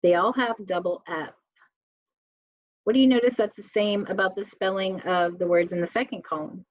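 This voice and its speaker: A woman's voice: mid-range voice, fairly even intonation, dry recording, muffled recording. A woman teacher giving a spelling lesson to children, reading words aloud one by one and asking the class questions. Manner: slow, clear word-by-word reading with questions to students.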